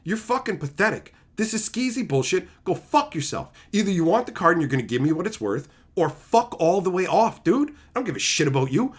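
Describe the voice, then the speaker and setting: A man's voice: high-pitched, sing-song, fairly quick, few pauses, breathy edge. A man hosting a livestream, ranting heatedly and profanely while answering chat. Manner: answers chat between rants. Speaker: streamer host.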